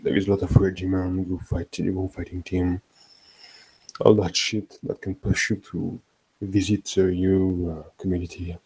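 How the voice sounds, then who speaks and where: A French man with a French accent, a guest speaking English as a second language in a casual chat, halting and searching for words. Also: low-pitched, flat delivery, darkish tone, slightly rough, rough recording. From France. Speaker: podcast guest.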